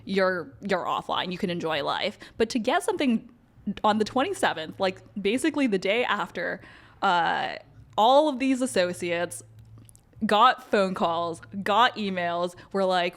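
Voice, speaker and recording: Female lawyer podcast co-host, mid-range voice; brisk, dry, chatty explainer. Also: medium pitch, expressive. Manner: brisk and wry, explaining legal news. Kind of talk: casual chat.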